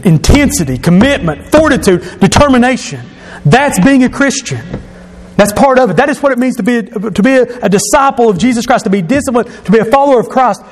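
A pastor preaching a sermon to his congregation, emphatic and rising to shouts at his key points. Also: very high-pitched. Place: church sanctuary. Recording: long reverb of a church hall.

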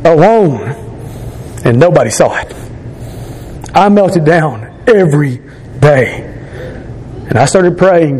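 A man's voice: on the high side, animated, takes it slowly, long pauses, darkish tone, slight background noise. A man telling his personal testimony in an earnest way, repeating phrases for emphasis. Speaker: speaker giving a testimony.

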